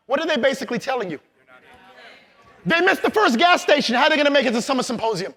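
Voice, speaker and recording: High-voiced hyped-up man preaching to a crowd. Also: expressive, fast talker. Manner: loud, hyped, calls on the crowd and laughs. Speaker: motivational speaker. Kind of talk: live motivational training talk to an audience.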